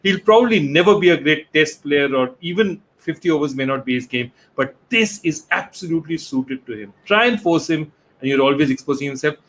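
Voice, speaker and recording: A man's voice: a little high, lively intonation, brisk, few pauses, fairly bright tone. A man giving confident, assertive cricket analysis on a talk show. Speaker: cricket pundit.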